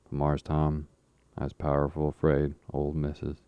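A man's voice: rumbling low, monotone, a little slow, clear, resonant tone, no room sound, phone-quality sound. A man reading the part of a timid, fearful young boy who speaks in a rural dialect.

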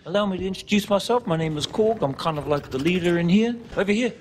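An actor playing a gentle male rock creature who speaks softly in a relaxed New Zealand accent, heard as a movie clip. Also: sits high, fast. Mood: easygoing. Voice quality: soft-spoken. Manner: mild, laid-back, friendly. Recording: echoey film clip with faint noise.

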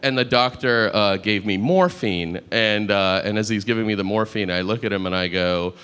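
Deadpan man doing stand-up comedy. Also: on the low side, moderate pace, clean tone. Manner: deadpan storytelling, dry asides, acts out others' lines. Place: comedy club stage before a live audience. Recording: live club recording with audience noise.

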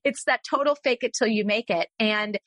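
A woman's voice: fairly high pitch, normal speed, a bit bright, dry recording. A woman, a guest entrepreneur, candidly telling her story in an interview and quoting the people in it.

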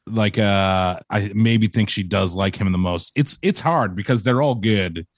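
A man with a lowish voice chats as a podcast guest on a video call. He jokes and restarts his sentences often. The sound is dry and close. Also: measured pace, no room sound. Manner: joking, hesitant, many restarts. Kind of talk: casual chat.

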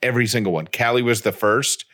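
A man's voice: medium pitch, quick pace, a bit bright. A man co-hosting a podcast, telling a story casually in a rambling way. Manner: rambling storyteller, frequent fillers and restarts. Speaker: podcast co-host. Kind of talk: casual chat.

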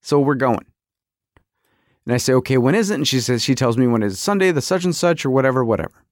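Middle-aged male podcast host, lively swooping delivery, dry close-miked sound. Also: medium pitch, rapid-fire, dry recording. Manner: animated, exaggerated storytelling with quoted voices. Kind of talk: comic storytelling monologue.

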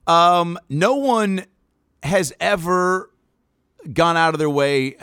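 A man's voice: a little high, takes it slowly, long pauses, a bit bright, smooth, dry recording, studio quality. A male comedian hosting his podcast in a loose, joking way, swearing freely. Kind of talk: casual chat. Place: in Australia.

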